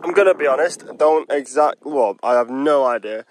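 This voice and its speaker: A young man, a cycling vlogger, chatting casually and excitedly to camera outdoors on hills. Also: mid-range voice, normal speed. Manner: chatty, excitable, swears mildly. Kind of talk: casual vlog chat.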